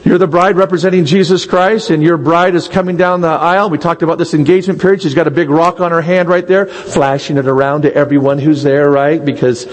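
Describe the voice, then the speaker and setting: A man's voice: on the high side, steady tone, fairly quick, hardly any pauses, long reverb tail, low-quality recording. A man preaching a sermon in a church, asking the congregation rhetorical questions and acting out little quotes. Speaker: pastor.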